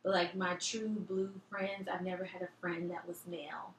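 A woman in her thirties from Detroit co-hosting a podcast, speaking in a soft, low-key, sultry phone voice. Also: level tone, moderate pace, echoey room, slight background noise, poor audio. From Detroit, USA. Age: 30s. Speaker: podcast co-host. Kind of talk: casual chat.

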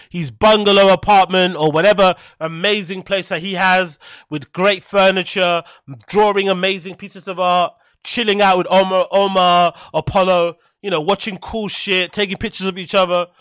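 High-voiced rambling British podcast man. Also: fairly even intonation, normal speed, hardly any pauses, a bit bright, clean tone, dry recording, studio quality. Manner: rambling, profane, mocking. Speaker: podcast host. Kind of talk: casual solo podcast commentary.

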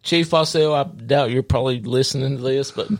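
A man's voice: mid-range voice, fairly quick. A man co-hosting a casual podcast, teasing the others with incredulous remarks. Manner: incredulous, teasing, laughs a lot. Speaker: podcast co-host. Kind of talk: casual chat.

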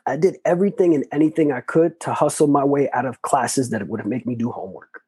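A man's voice: mid-range voice, a little fast, darkish tone, slightly rough, dry recording, low-quality recording. A man in an interview, telling a personal story in casual, loose, profane talk full of restarts. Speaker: interview guest.

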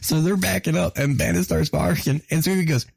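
A man's voice: a little high, fairly even intonation, a little fast, creaky, background noise. A man, telling casual stories on a podcast, swearing freely and laughing along as he goes. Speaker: podcast co-host. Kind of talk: casual profane storytelling.

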